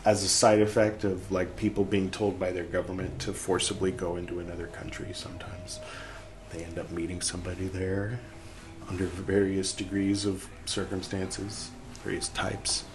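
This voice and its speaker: Low-pitched man, podcast host, casual rambling commentary, restarts, near-whispered asides. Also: completely flat delivery, normal speed, background noise.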